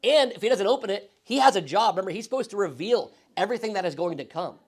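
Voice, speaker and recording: High-voiced pastor teaching casually. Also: male voice, animated, fast talker. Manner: casual, asks the class questions, frequent "right?". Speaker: pastor teaching Bible study. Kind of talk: conversational Bible teaching. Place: church classroom.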